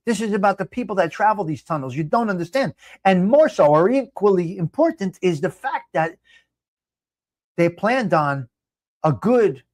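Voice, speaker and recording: A New man rants on his livestream, angry and swearing, his voice pitched high for a man. He is recorded dry and close, with no room sound. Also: no echo. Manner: angry, profane, shouting at times. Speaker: livestream host. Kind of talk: heated livestream rant.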